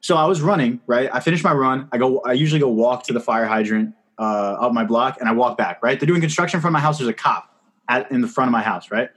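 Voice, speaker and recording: A man's voice: medium pitch, fast talker, fairly bright tone, husky. A young man co-hosting a podcast, telling rambling stories in casual chat full of "like" and "right?". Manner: rambling storyteller, lots of "like" and "right?". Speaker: podcast co-host.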